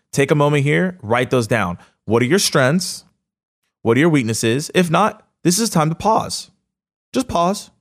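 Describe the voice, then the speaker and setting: Energetic fast-talking man hosting a podcast. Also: lowish voice. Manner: energetic, casual, fast-talking with many fillers. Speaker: podcast host. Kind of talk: motivational podcast monologue.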